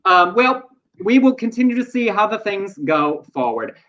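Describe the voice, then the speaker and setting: Lively man hosting an LGBTQ news chat. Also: sits high, muffled recording. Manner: animated, quick asides and playful quotes. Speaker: podcast co-host.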